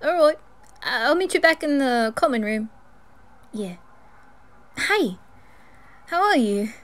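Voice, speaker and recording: A woman's voice: high-pitched, animated, slow pace, pitched above the performer's own voice. A woman doing a nervous teenage boy wizard, whispered role-play. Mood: cheerful. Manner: stammering, flustered, apologetic.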